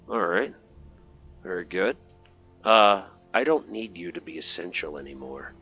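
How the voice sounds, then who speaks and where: A man's voice: low voice, lively intonation, unhurried, pauses often, pushed and bright, breathy edge, dull audio, faint music behind. A man giving casual, playful commentary while playing a video game, chatty and jokey. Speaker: gameplay commentator.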